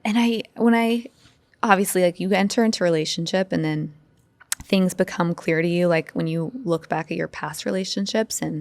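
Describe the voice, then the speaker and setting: A woman guest on a podcast, talking in an open, animated storytelling way, her speech full of fillers. Her voice sits a little low, and it is recorded dry and close with no room sound. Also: normal speed, no room sound. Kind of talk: casual interview conversation.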